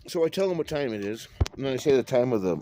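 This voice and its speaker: A man's voice: mid-range voice, expressive, quick pace, warm tone, slight background noise. A man talking in a rambling monologue, drifting between topics and swearing often. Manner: rambling, wandering, with frequent swearing.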